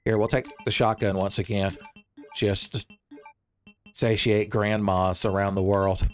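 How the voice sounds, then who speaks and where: A man giving casual, jokey let's-play commentary, rambling and breaking into excitable outbursts. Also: lowish voice, measured pace, soft background music. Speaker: gaming streamer.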